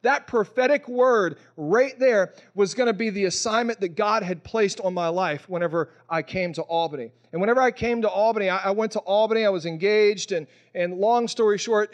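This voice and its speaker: A man's voice: sits high, a little fast, few pauses, dull audio. A young man from Mississippi, preaching a casual, emotional sermon that mixes prayer with personal testimony. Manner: casual, storytelling, emotional, acts out quoted voices. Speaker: pastor.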